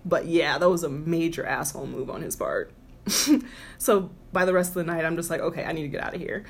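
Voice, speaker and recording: Animated woman telling a dating story. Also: sits low, brisk. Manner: animated, mimics voices in her stories. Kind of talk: casual storytelling chat. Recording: clear background noise.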